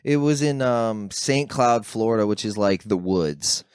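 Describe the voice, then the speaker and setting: A man's voice: fairly low pitch, lively intonation, measured pace, a little mellow, clear, resonant tone, no room sound, clean studio sound. A man who does stand-up, telling crude stories in casual podcast banter, laid-back. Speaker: comedian.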